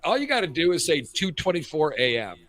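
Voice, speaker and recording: A man's voice: fairly high pitch, fairly quick. A man in his fifties co-hosting a talk show, telling crude stories in casual chat over a cheap headset. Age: 50s. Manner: animated storytelling, crude jokes. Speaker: radio show co-host.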